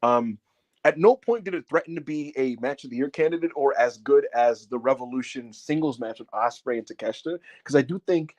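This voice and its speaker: A man's voice: medium pitch, a little fast, a little mellow, dry recording. A man co-hosting a wrestling podcast, giving a casual, profane review, laughing often and acting out what people said. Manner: profane, laughing, acts out quotes.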